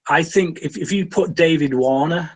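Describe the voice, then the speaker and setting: A man's voice: a little high, normal speed, low-quality recording. A British man giving his opinions in a casual podcast film discussion, often repeating words as he builds a point. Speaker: podcast panelist.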